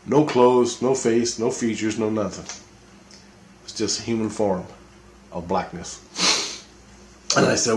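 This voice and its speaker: A man's voice: on the low side, steady tone, a little slow, pauses often, reverberant, slight background noise. A man telling a personal story in a casual spoken monologue, intense, profane and repeating himself. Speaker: storyteller recounting an experience.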